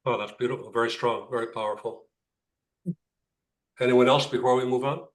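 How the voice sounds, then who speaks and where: A man's voice: medium pitch, fairly even intonation, a little fast. A man, a rabbi, leading an interactive class, telling jokes and often repeating words as he thinks. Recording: echoey room, mic far off.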